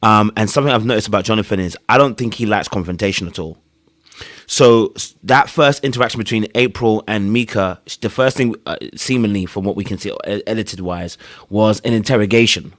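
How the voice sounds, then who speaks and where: A man's voice: lowish voice, a little fast, fairly bright tone, dry recording, clean studio sound. A man on a podcast panel, talking through a reality dating show in a rambling way, restarting his sentences and acting out what a contestant might say. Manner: rambling, restarts, acts out hypothetical quotes. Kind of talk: casual reality-show discussion. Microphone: podcast mic.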